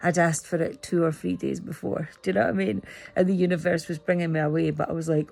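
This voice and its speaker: A woman's voice: on the low side, steady tone, fairly quick, gravelly, a little mellow, no echo, soft background music. A middle-aged Scottish woman chatting casually and emotionally, rambling through a personal story. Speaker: spiritual vlogger. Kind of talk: casual chat.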